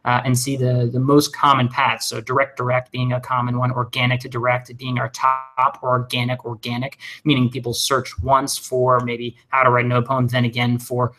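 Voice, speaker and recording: A man leads a training webinar in a lively, conversational way. His voice is bright and crisp at a middle pitch. He jokes, uses lots of fillers, and keeps pushing the audience to act. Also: moderate pace, few pauses. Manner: energetic, joking, conversational with many fillers. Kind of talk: recorded webinar lesson.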